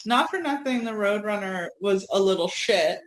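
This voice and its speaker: A woman's voice: medium pitch, expressive, normal speed. Chatty laughing woman in an echoey room. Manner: laughs often, swears casually. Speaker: podcast co-host. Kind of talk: casual chat.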